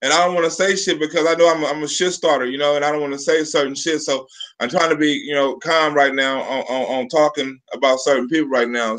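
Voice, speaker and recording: A man hosting a live stream, talking in a profane, rambling way with halting restarts. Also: medium pitch, a bit bright. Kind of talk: casual live stream chat.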